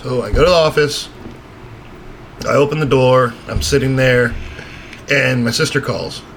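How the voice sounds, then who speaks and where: A man's voice: mid-range voice, fairly even intonation, moderate pace, a bit bright. Man, casual storyteller, laid-back, cusses, faint room hiss behind. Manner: laid-back, swears and laughs a lot. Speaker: podcast co-host.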